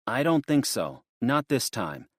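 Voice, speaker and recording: An urgent young man on a desperate road trip in an audiobook, earnest and pleading, as a male narrator performs him. The voice sits noticeably higher than the narration. The sound is dry and close. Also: very animated, a little slow, slightly rough, no echo.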